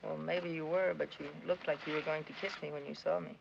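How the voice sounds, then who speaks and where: An actress playing a teasing, forward American army lieutenant in a 1940s screwball film comedy. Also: female voice, low-pitched, level tone, fast talker, gravelly. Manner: coaxing, playful. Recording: dull, hissy 1940s film soundtrack.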